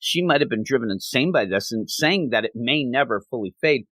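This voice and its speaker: A man's voice: medium pitch, lively intonation, a little fast, pushed and bright, no room sound. A man hosting a comic book podcast, recapping a story in a conversational way and quoting characters' lines as he goes. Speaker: podcast host. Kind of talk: casual comic book review.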